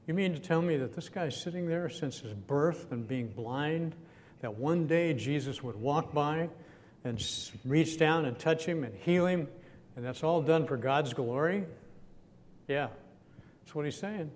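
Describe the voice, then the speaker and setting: A man's voice: unhurried, a little mellow. A man giving a conversational sermon, chatty and chuckling, often asking his listeners questions. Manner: chatty, asks the audience questions, chuckles now and then. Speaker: preacher. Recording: echoey hall with faint rumble.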